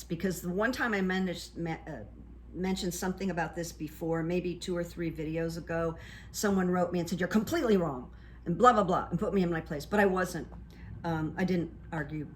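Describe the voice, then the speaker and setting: Older woman, casual vlog storytelling, chatty and rambling, slightly low voice, frequent ums. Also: a little hiss or hum. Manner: chatty, meandering, many ums and uhs. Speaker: vlogger and hypnotherapist.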